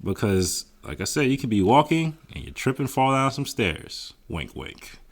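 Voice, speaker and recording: A man's voice: mid-range voice, very animated, normal speed. A young man co-hosting a podcast, in loose, joking, profane casual chat. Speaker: podcast co-host.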